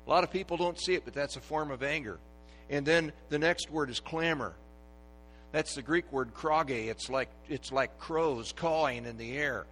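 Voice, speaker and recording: A middle-aged man, a pastor, preaching a sermon with dynamic swings from hushed to loud and emphatic. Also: a little high, moderate pace, slight background noise. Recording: long reverb of a large hall.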